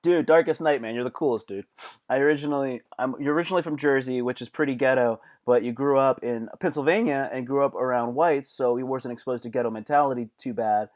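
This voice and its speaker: A man hosting a casual live stream as a comedian, talking to viewers by name in an animated, repetitive way, swearing freely. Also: medium pitch, fast.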